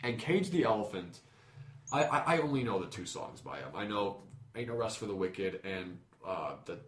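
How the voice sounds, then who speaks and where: A man co-hosting a podcast in casual chat, gushing with enthusiasm and stumbling over repeated words when excited. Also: lowish voice, moderate pace. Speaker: podcast co-host. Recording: roomy echo.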